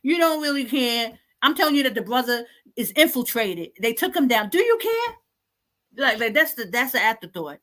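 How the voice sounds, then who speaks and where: A woman's voice: on the high side, very animated, moderate pace, a bit bright. Exasperated woman scolding her listeners. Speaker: online show host. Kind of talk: impassioned religious talk.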